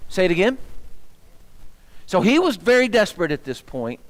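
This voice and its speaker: Animated man teaching in an echoing church hall. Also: high voice, normal speed. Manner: animated, asks the room questions, gets fired up. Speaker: minister teaching a Bible class. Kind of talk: interactive Bible teaching with questions to the class. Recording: long echo of a church hall.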